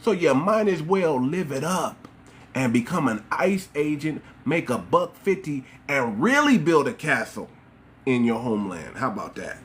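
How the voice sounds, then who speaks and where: A man's voice: medium pitch, very animated, unhurried, fairly bright tone, slight background noise. A man hosting a livestream, talking straight to his viewers in a mocking, rhetorical and preachy way. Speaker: livestream host.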